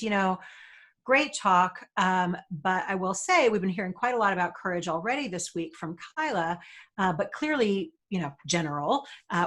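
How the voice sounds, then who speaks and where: Animated New woman telling a story. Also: lowish voice. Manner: animated, acts out quoted voices. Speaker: guest speaker, leadership facilitator. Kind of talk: storytelling conversation.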